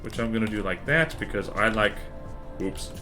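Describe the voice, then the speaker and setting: A man's voice: lowish voice, lively intonation, normal speed, music in the background. A man chatting casually with his live-stream viewers while playing a game, rambling and laughing often as he answers chat.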